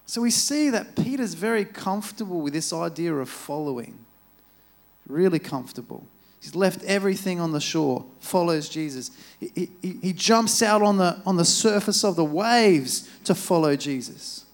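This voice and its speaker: Animated and high-pitched, a male preacher keeps a moderate pace as he speaks into a microphone in a church. His sermon has a chatty, storytelling feel, complete with acted-out quotes.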